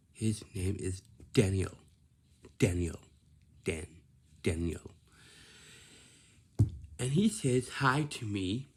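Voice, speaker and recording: Man, husky gravelly voice, slow delivery, earnest informal advice, repeats himself. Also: lowish voice. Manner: earnest, repetitive, instructing the listener directly. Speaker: presenter giving advice. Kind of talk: informal explanatory talk.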